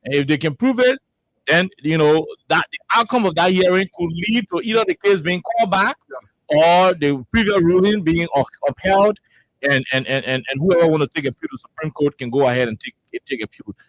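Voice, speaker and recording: A man's voice: a little high, animated, a little fast, no echo, rough recording. A man hosting a call-in radio talk show, pressing points and repeating words for emphasis.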